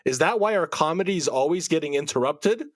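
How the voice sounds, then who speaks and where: A man co-hosting a casual podcast, reading out listener mail with quick asides and chuckles. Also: fairly high pitch, animated, no echo.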